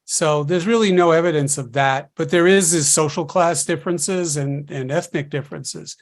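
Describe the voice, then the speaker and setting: Halting man, a bit higher voice. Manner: hesitant, halting explanations. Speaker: linguist guest expert. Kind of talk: panel discussion on a webinar. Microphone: video call.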